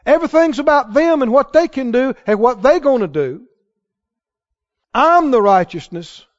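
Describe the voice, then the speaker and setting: A man's voice: extremely high pitch, big pitch swings, fairly quick, darkish tone. A man preaching a sermon, emphatic and asking his listeners questions as he goes. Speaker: pastor. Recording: dull lo-fi sermon recording.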